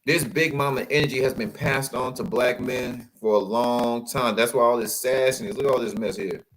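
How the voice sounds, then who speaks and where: A man giving casual, animated commentary as he reacts to photos, calling out to his viewers. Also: medium pitch, normal speed, slight background noise, poor audio. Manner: animated, exclaiming, addresses viewers as y'all.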